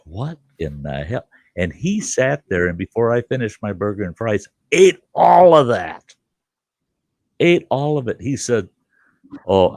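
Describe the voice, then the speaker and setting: A man's voice: deep voice, no echo. An older man telling a funny story in a folksy, casual way, chuckling and slipping into the voices of the people in it. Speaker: storyteller host.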